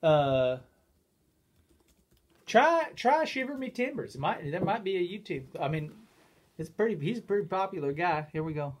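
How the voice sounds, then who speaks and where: A man co-hosting a loose, casual chat, with a voice that sits a little high. He talks in an animated, rambling way, piling on asides. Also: a little fast. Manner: animated, rambling, lapses into put-on quotes. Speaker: co-host.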